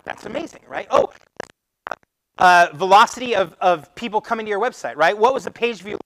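A man speaking at a meetup, giving a lively presentation and acting out conversations with clients. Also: high-pitched, brisk, slight background noise, poor audio. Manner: animated, acts out client conversations. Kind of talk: live presentation to a meetup audience. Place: meetup room.

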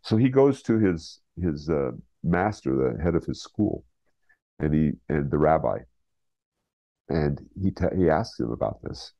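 Very deep-voiced man recounting a story. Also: animated, a little slow, creaky, warm tone, no room sound. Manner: rambling retelling with many fillers and restarts. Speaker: guest, writer. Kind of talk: casual storytelling in an interview. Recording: slightly dull lo-fi recording.

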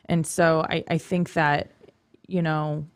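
A woman's voice: low voice, level tone, takes it slowly, no echo. A woman guest on a talk show, speaking about the topic in an earnest, reflective way. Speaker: guest from a youth commission. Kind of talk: casual talk show chat.

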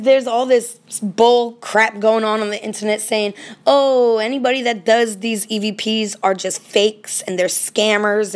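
A woman paranormal vlogger ranting casually and indignantly straight to her viewers. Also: on the high side. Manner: animated, indignant, talks to viewers directly. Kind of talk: casual direct-to-camera rant.

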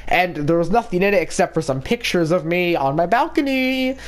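A man's voice: high-pitched, lively intonation, a little fast. A man voicing a bossy, scheming cartoon candy princess in a Minecraft role-play, rambling with many fillers.

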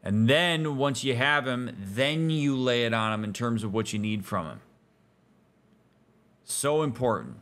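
Blunt, emphatic therapist gamer. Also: male voice, mid-range voice, lively intonation, unhurried, a bit bright. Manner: emphatic, blunt advice-giving. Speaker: therapist and gaming host. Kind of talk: casual let's-play commentary.

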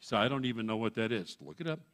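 A man's voice: mid-range voice, fast, a bit bright. A male pastor preaching a sermon in a church, emphatic and punchy, with wry humor and chuckles. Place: church sanctuary.

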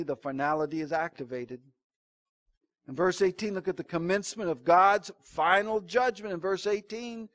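A pastor giving an evening church sermon, preaching dramatically and swinging between loud emphatic lines and low hushed asides. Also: male voice, moderate pace.

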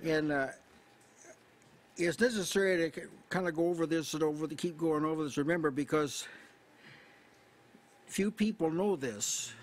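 A man preaching an expository sermon at a small house church, measured and repetitive, slowing on key words. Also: fairly high pitch. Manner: measured, repeats phrases, slows on key words.

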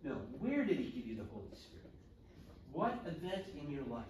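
Animated man teaching a church class. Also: a little high, normal speed. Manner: animated, acts out story voices. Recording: echoey room from far off, noisy.

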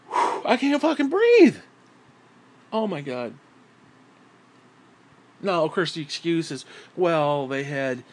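A man delivering an exasperated, profanity-laden solo rant, sighing and swinging between yelling and muttering. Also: high-pitched. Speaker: wrestling commentary YouTuber.

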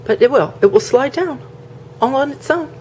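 A woman's voice: high-pitched, animated, normal speed, warm tone, slight background noise. A woman from the northern United States hosting a home cooking video, chatting casually as she demonstrates a recipe, with fillers and rambling asides.

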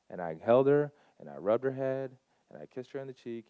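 A man's voice: medium pitch, lively intonation, a little fast, clean tone, dry recording. A man speaking earnestly to a live audience, telling personal stories in a heartfelt, emphatic way. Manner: earnest, storytelling, emphatic swings in loudness. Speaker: speaker at a community gathering.

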